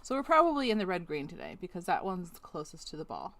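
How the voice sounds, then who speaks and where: A woman's voice: on the low side, very animated, fast, a bit bright. A woman streamer thinking aloud in casual chat while doing a task, talking to on-screen objects and scolding them, then apologizing. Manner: thinks aloud with self-talk. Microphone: webcam setup.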